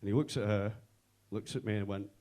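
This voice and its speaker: A man's voice: fairly low pitch, a little fast, warm tone. A young man from Manchester, doing a stand-up set at a comedy club, telling brash stories full of swearing and acting out what his friends said. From Manchester, England. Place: comedy club stage with a live audience.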